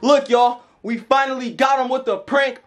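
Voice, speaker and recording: A man's voice: extremely high pitch, fairly even intonation, normal speed. Hyped young man vlogging. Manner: hyped, laughing, reassuring. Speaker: YouTube prankster host. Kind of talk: casual vlog chat.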